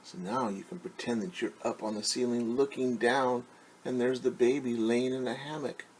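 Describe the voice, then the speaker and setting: A man, a teacher, reading a picture book aloud to children in a gentle, hushed way, often dropping to a whisper and explaining new words simply. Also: mid-range voice, normal speed, gravelly, a little hiss or hum.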